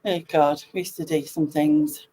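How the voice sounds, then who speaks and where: A woman's voice: deep voice, steady tone, moderate pace, dark tone, poor audio. A woman with a Sunderland accent runs a casual chat on a video call. She is a chatty, giggly storyteller, talking from home. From North East England. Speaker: channel host.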